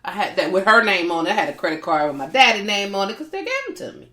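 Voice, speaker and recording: A woman co-hosting a podcast, telling a story in casual chat, animated, laughing often and acting out the people in it. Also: medium pitch, fast talker, echoey room. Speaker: podcast co-host.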